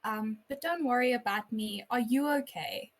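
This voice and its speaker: A kind adventurer woman with a gentle, caring way of speaking, voiced by a player in her own fairly high voice. The tone is soft and reassuring, the kind of voice that comforts a frightened small creature. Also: moderate pace, lightly acted.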